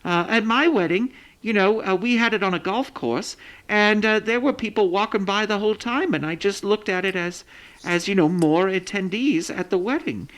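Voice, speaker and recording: A woman playing a prim guest with a British-sounding accent, deadpan and matter-of-fact even when outrageous. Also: medium pitch, normal speed, natural voice, rough recording. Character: prim guest who insists she has no accent. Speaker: recurring guest.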